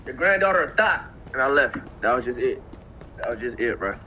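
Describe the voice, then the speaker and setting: Animated, swearing young man. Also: mid-range voice, a little fast, a little hiss or hum, low-quality recording. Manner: profane, animated, repeats himself, acts out quotes. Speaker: streamer. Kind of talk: casual storytelling on a stream.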